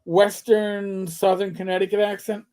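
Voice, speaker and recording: A man with a New York accent, co-hosting a casual livestream chat in a halting, rambling way with many restarts. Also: high-pitched, little pitch movement, mellow, clean tone. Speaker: podcast co-host.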